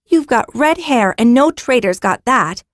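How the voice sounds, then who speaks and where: A woman voicing a bold, eager young girl with the sight in an audiobook, proud and quick to exclaim. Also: a little high, lively intonation, no room sound, pitched above the performer's own voice. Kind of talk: audiobook character reading.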